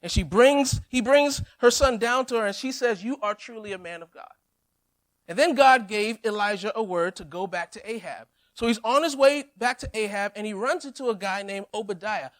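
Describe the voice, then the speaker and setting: A male pastor preaching a sermon, telling a Bible story with lively humor and acted-out quotes. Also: high voice.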